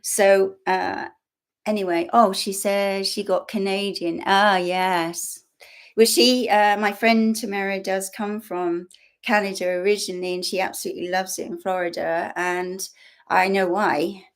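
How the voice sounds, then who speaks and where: An English woman talking casually to viewers on a live stream at home. She rambles in a chatty way with frequent fillers, asides and soft laughter, at an ordinary middle pitch. Her voice is picked up by a built-in laptop microphone. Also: little pitch movement, a little slow. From England. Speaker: YouTube host.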